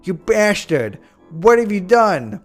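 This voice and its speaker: A bumbling cartoon father , put on by a man reading a story aloud, whines and begs in a raised, strained voice. He sounds high-pitched and jittery. Loud, pleading and clumsy. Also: moderate pace, faint music behind, close to an everyday voice. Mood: panicked.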